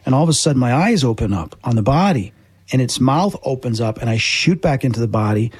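Husky-voiced man hosting a chat. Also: medium pitch, fast, no echo. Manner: animated, eager storytelling. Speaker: host. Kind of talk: conversational chat.

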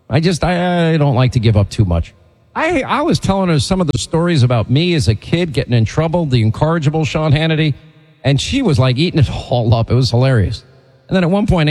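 A man's voice: fairly high pitch, long reverb tail. A man hosting a talk show, telling stories and delivering indignant commentary. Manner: animated, indignant storytelling. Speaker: TV host.

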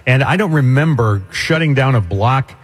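A man co-hosting a talk radio show, chatting casually with quick asides. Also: mid-range voice, animated, husky. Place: radio studio.

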